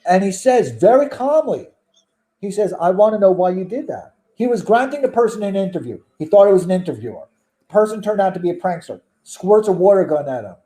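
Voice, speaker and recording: A man's voice: high-pitched, big pitch swings, brisk, warm tone. A man in casual conversation who argues his opinions emphatically and piles on rhetorical questions. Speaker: guest. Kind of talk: casual chat.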